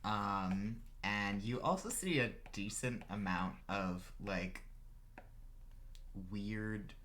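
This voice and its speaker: A man's voice: fairly low pitch, very slow, fairly bright tone, slight background noise. A man narrating a tabletop role-playing game as game master, loose and filler-heavy.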